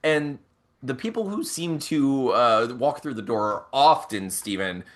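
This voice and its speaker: A man hosting a podcast, telling a casual story in an animated way with frequent chuckles and restarts. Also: mid-range voice, a little slow. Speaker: podcast host.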